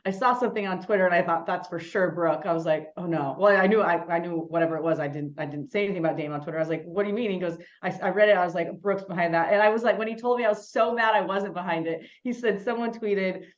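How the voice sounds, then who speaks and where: A woman co-hosting a podcast, an animated storyteller in casual chat. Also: fairly low pitch, dull audio. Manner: animated storyteller, quick and chatty. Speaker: podcast co-host.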